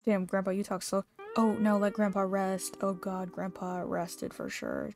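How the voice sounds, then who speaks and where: A woman's voice: medium pitch, flat delivery, unhurried, darkish tone, soft background music. A young adult woman giving playful, sassy, joking commentary as she plays a farming game for the first time. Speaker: gaming YouTuber. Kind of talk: casual gameplay commentary.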